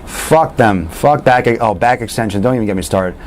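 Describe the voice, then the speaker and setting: A man coaching fitness in a casual question-and-answer talk, blunt and animated, swearing freely. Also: fairly low pitch, normal speed, a little hiss or hum.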